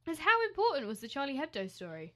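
A young Englishwoman co-hosting a chatty podcast, reading out news stories with stumbles and a ready giggle. Her voice is bright and crisp, and it sits a little high. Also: wildly swooping pitch. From England. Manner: giggly, teasing, reads stories haltingly. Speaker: podcast co-host. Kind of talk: casual chat, reading news items aloud.

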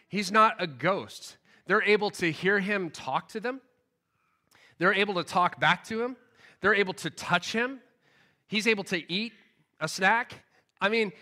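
A man giving a casual, animated Bible teaching in a storytelling way, often laughing as he goes. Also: high-pitched. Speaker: preacher.

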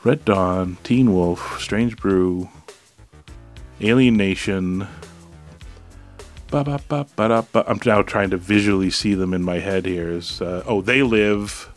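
A man's voice: low voice, fairly even intonation, slow, soft background music. A man co-hosting a podcast in casual chat, rambling with restarts and laughs. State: hiccups, drinking beer. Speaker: podcast co-host.

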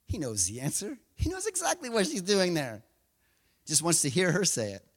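Animated man preaching in a reverberant hall. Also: high voice, normal speed, breathy edge. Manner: animated storytelling, acting out biblical scenes. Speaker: pastor. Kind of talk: sermon.

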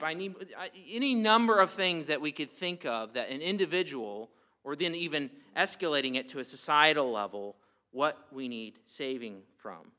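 Man, sermon, bright ringing tone, slightly high voice, emphatic, repeats himself. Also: animated, normal speed. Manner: emphatic, rhetorical questions, repeats words. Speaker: pastor.

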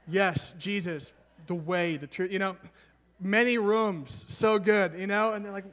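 Man, young adult, high-pitched, enthusiastic conversational sermon. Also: takes it slowly, pauses often, a bit bright. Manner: enthusiastic, conversational preaching with laughs and asides. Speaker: pastor.

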